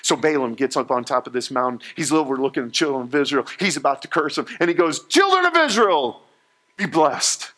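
Preaching to a live congregation, a man tells a story in an animated, joking way, jumping between quoted voices. He speaks fast at a medium pitch, with hardly any pauses.

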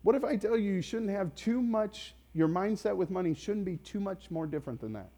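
A man in his thirties, a pastor preaching a sermon, speaking directly to his congregation with frequent questions and building to loud, emphatic peaks. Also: sits high, lively intonation, fairly quick.

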